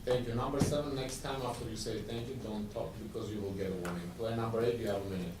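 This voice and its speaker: A man's voice: fairly low pitch, fairly even intonation, quick pace. A man judging a tournament game, firmly calling turns and explaining the rules. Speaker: game judge. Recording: echoey room, from far off, noisy.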